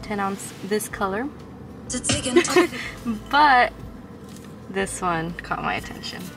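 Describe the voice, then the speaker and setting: A woman's voice: medium pitch, expressive, extremely slow. A young woman vlogging casually, chatty and enthusiastic as she talks to her viewers. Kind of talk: casual vlog chat. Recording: music playing behind.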